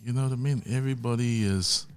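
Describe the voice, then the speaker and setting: A man's voice: mid-range voice, quick pace, clean tone, faint music behind. A middle-aged man, a worship singer guest on a podcast, talking earnestly and reflectively in casual chat. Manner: earnest, reflective, keeps saying "you know what I mean". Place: podcast studio.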